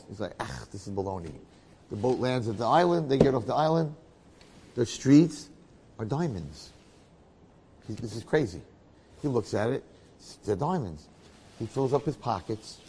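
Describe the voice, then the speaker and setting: A man, a rabbi, telling a story in a talk in an animated way, often checking in with his listeners. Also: mid-range voice, slightly rough, big-room sound.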